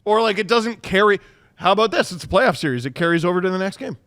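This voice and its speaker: Lively high-voiced man co-hosting. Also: quick pace, no echo, studio quality. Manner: animated, jokey, does mock shouting voices. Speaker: podcast co-host. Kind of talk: casual chat.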